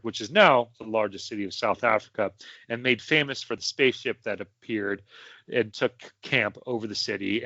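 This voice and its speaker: A young podcast host recounts history in a rambling, casual storytelling chat packed with fillers and asides. His voice is fairly low and fairly bright, recorded dry with no echo on a muffled home podcast mic.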